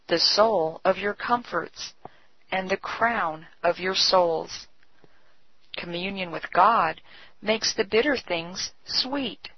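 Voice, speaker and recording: A woman reads old devotional texts in a slow, solemn, measured cadence. Her voice sits low and husky, with a breathy edge. The recording is dull and lo-fi, and it sounds close and dry. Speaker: devotional reader. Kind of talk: scripted devotional reading.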